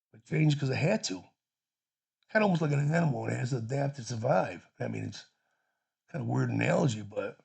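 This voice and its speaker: A man's voice: medium pitch, creaky, a little mellow, husky. A man from Chicago casually telling a personal story, rambling and profane with many restarts. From Chicago, USA.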